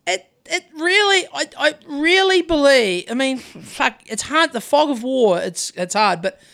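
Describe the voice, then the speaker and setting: A woman with a fairly high voice that rises and falls a lot, chatting from her couch as co-host of a live podcast. She rambles, restarts her sentences and swears freely, sitting right up against the phone that records her. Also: creaky, fairly bright tone. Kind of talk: casual chat livestreamed from a couch. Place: living room couch. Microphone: phone held close to her.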